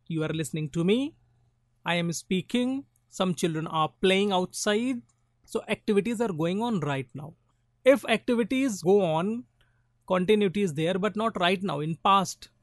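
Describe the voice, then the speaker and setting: A man teaching grammar, explaining slowly through lots of examples and fillers. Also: sits high, no room sound, studio quality. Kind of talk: classroom lecture.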